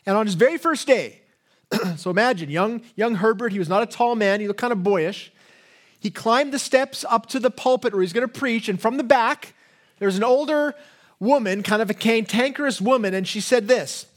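A man with an English accent preaching a sermon as pastor. He talks conversationally and asks the room rhetorical questions, often checking in with a quick "right?". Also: high voice.

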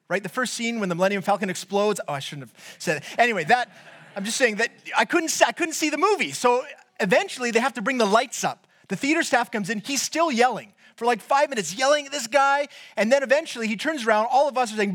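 A fast-talking, expressive preacher with a high voice shapes his sermon as casual storytelling. He restarts frequently and gets noticeably louder when he quotes somebody.

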